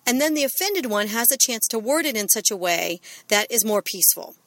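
A woman's voice: fairly high pitch, expressive, a little fast, no room sound. A middle-aged woman giving a parenting talk, earnest and full of fillers and restarts. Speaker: parenting speaker.

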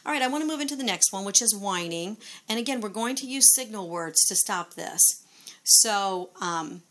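A woman's voice: mid-range voice, lively intonation, normal speed, fairly bright tone. A woman giving parenting advice in a casual instructional talk, conversational, with frequent fillers and rhetorical questions.

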